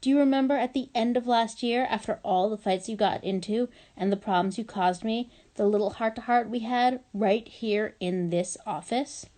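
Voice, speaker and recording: A woman reading aloud, voicing a stern middle-aged female school principal who scolds in slow, clipped, emphatic phrases. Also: on the high side, dark tone, close to an everyday voice.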